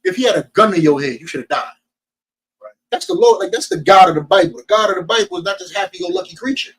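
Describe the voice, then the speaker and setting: A man's voice: high-pitched, big pitch swings, fast talker, a bit bright, slightly rough, low-quality recording. A man with a New Jersey accent preaching to a group in an emphatic, streetwise, slangy way.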